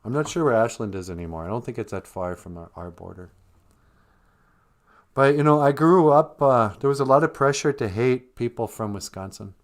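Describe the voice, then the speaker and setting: A man's voice: medium pitch, animated, moderate pace. A man hosting a livestream, chatting casually from home in a rambling, joking way. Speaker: livestream host. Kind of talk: casual chat.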